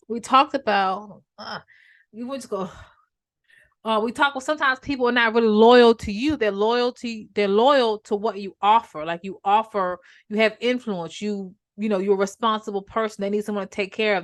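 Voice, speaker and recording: A woman therapist giving a brisk, conversational teaching talk, often restarting her sentences. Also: medium pitch. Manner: brisk and conversational, with many restarts and lively storytelling. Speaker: therapist and speaker.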